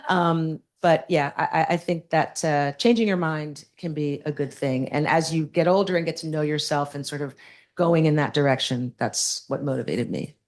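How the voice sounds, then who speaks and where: Low-voiced woman on a panel, kinda hesitant, some stumbles. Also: moderate pace, a little mellow. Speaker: alumna panelist. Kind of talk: casual panel talk.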